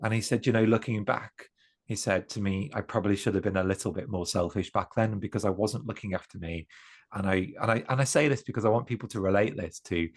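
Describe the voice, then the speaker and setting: Speaking quickly in a voice on the low side, this man from the East Midlands of England is a podcast guest in relaxed conversation. His manner is earnest and thoughtful, full of restarts and self-corrections.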